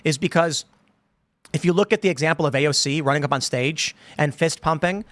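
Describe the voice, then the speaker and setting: A man's voice: fairly high pitch, a little fast, a bit bright, no echo. A man in his thirties hosting a casual political talk show, rambling through stories and acting out quotes in put-on voices. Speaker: podcast host.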